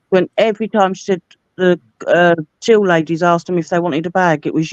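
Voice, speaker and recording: A woman's voice: lowish voice, flat delivery, a little fast, a little mellow, no echo, highs cut off. A Cockney woman in her forties, telling chatty personal stories in a casual conversation. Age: 40s. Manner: chatty anecdotal storyteller. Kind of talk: casual chat.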